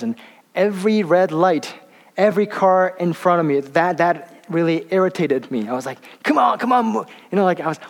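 A man preaching a sermon, speaking haltingly with many fillers and restarts and slowing down for emphasis. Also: on the high side. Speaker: pastor. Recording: long hall reverb.

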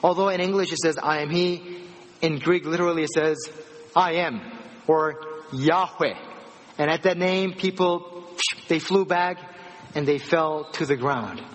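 A man preaching a sermon, retelling scripture with animated voices for the people in the story. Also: a little high, unhurried, big-room sound. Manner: animated storytelling, acting out dialogue.

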